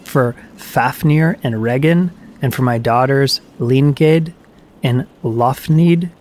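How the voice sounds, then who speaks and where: Man reading grim old farmer-magician, vengeful, slow and brooding, storybook telling. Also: medium pitch, darkish tone, close to an everyday voice.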